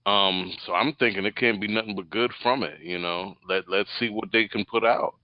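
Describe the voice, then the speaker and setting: A man's voice: fairly low pitch, fairly even intonation, moderate pace, dry recording. A man co-hosting a casual movie podcast, talking in a rambling, thoughtful way with many hesitations and restarts. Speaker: podcast co-host. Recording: dull, dry sound.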